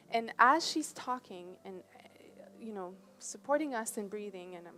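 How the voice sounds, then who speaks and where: A woman's voice: on the high side, animated, moderate pace, few pauses, a bit bright, soft background music. Woman telling a personal story to an audience. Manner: conversational, often checks in with "right?". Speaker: presenter. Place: presentation on a cruise ship.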